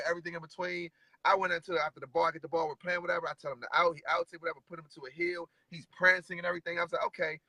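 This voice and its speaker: A man's voice: fairly high pitch, flat delivery, rapid-fire, pushed and bright, no echo, low-quality recording. A man, a guest dog trainer and decoy, talking casually and rambling a bit. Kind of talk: casual conversation.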